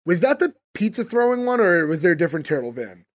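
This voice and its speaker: Higher-voiced man recapping a show. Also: big pitch swings, fast talker, dry recording. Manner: puzzled, questioning, many "like" fillers. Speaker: podcast host. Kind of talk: casual chat, recapping an episode.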